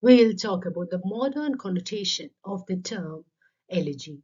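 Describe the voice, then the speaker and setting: Her voice is medium-pitched, dark and slightly rough, with lively intonation at a normal speed. She's a literature teacher narrating a scripted lecture, working through terms step by step in a dull lo-fi voice-over.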